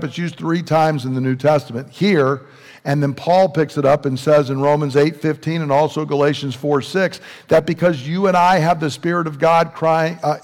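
A man from the South, preaching a sermon with earnest questions and slow, emphatic drops in his voice. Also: on the high side. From American South. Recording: long hall reverb.

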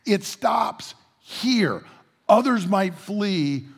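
A man's voice: high-pitched, lively intonation, drawn-out words, vocal fry, husky, pitched above the performer's own voice, exaggerated voice. A man voicing a group of boastful disciples, sounding emphatic and mock-confident in a reverberant hall. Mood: cocky. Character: boastful male disciples insisting they won't flee.

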